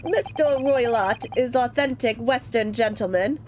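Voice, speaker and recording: A woman doing a gruff sailor in broken English. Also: fairly high pitch, a little slow, a little mellow, slight background noise, lightly acted. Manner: curt, clipped broken phrasing.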